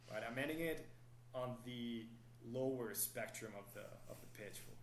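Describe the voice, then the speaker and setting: A man's voice: mid-range voice, moderate pace, fairly bright tone, reverberant, slight background noise, low-quality recording. A man who works as a dating coach, explaining his methods steadily in a podcast interview and often checking in with "right?".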